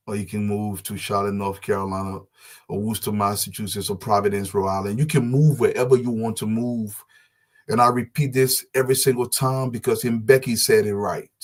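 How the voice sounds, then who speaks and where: A man delivers a fervent live-stream address. He speaks as a community advocate, hammering his points home in repeated rallying phrases. His voice sits at an ordinary pitch for a man. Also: a little mellow. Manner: emphatic, repetitive rallying oratory.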